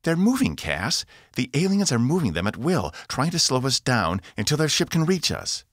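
Male narrator playing a volatile young woman pilot, lifted voice, animated delivery. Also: medium pitch, moderate pace, dry recording, studio quality, pitched above the performer's own voice. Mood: urgent. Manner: defiant, excited, rising voice.

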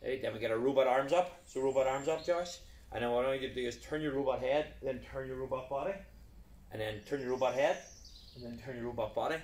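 A man leads a live children's PE class, giving upbeat, playful exercise cues step by step. His mid-range voice is fast and a little mellow. The sound is roomy, picked up by a camera set back across the room.

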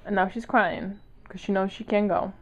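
A woman's voice: medium pitch, fairly even intonation, normal speed, very noisy. A woman at home in her bedroom, talking to her dog in coaxing, teasing baby talk. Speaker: dog owner. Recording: dull lo-fi home video.

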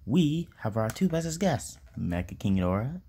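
A man voicing a boastful, grumpy male giant monster lizard in a toy reenactment reaction video, excitable and complaining. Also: medium pitch, moderate pace, breathy edge. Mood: cheerful.

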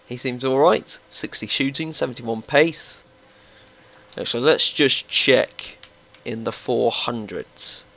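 A young man giving casual, excitable commentary while playing a football video game and talking to his players. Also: medium pitch, takes it slowly, gravelly, rough recording. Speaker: gaming YouTuber. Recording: faint background music.

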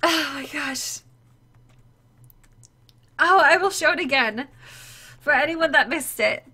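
A woman's voice: high voice, slow, pushed and bright. A woman streaming live to her viewers, gushing and tearful as she opens a gift, exclaiming often. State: tearful, close to crying.

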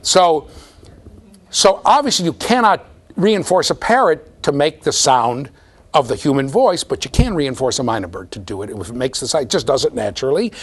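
A man giving a university lecture, animated, often checking in with the students and repeating his words. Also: medium pitch, moderate pace, husky. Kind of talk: classroom lecture.

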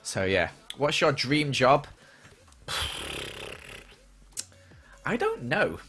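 A man's voice: mid-range voice, huge pitch swings, unhurried, sharp tone, a little hiss or hum. A young man chatting casually on a gaming livestream and answering viewer questions as he plays.

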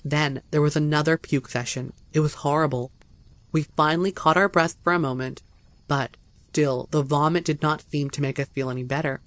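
A man's voice: fairly high pitch, fairly even intonation, moderate pace, a bit bright, no room sound. A man reading a first-person horror story aloud as a narrator, tense and dramatic.

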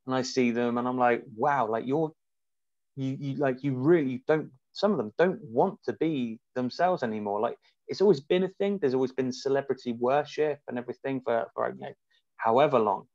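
A man talking as a podcast guest in casual conversation, reflective and halting, often restarting his sentences. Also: mid-range voice, a little mellow, no room sound. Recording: muffled dry remote audio.

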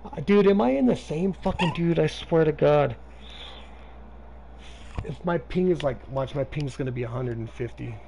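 A man's voice: on the high side, normal speed, creaky, long pauses, warm tone, a little hiss or hum. A man streaming a video game, chatting casually and rambling with lots of swearing. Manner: profane, rambling, talking to a friend. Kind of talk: casual gaming stream chat.

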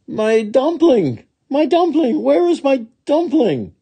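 A man's voice: sits high, very animated, slow, dark tone, breathy edge, pitched above the performer's own voice, full character voice. A man voicing a cheerful, giggly little old woman in a children's storybook, calling out shrilly. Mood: anxious calling.

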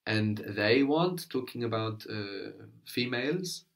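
A man's voice: fairly low pitch, lively intonation, takes it slowly. Patient male language teacher. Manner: patient, prompting questions with brief praise. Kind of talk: one-to-one language lesson.

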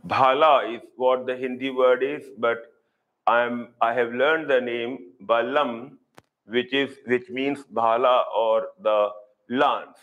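A man's voice: medium pitch, steady tone, slow pace, narrow, tinny audio. A middle-aged man teaching zoology in a live online class. He repeats key terms several times and keeps checking that students follow.

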